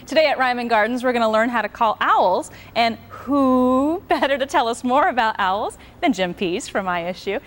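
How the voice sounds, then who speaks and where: A woman hosting a gardening segment, asking guests brisk questions and slipping in the odd pun. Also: fairly high pitch, expressive, soft background music. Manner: brisk, playful with puns. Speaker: host.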